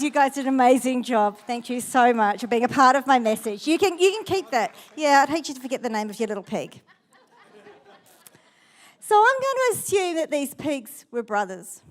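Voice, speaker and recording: A woman pastor preaching a sermon in church, telling the story in a lively and playful way. Her voice sits high for a woman.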